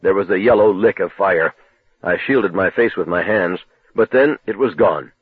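Husky male audiobook narrator on a tinny line. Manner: measured, low, dramatic storytelling. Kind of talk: first-person novel narration. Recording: tinny phone-like dry recording.

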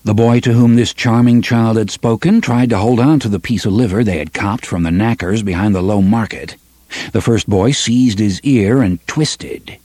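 A man narrating an audiobook with an expressive, varied delivery. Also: fairly low pitch, normal speed, no echo.

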